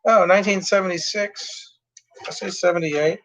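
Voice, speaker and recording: A man's voice: high-pitched, steady tone, moderate pace, a bit bright, poor audio. A tired, yawning man rambling casually as he reads out track lists from his cassette tapes. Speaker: music collector reviewing cassette tapes.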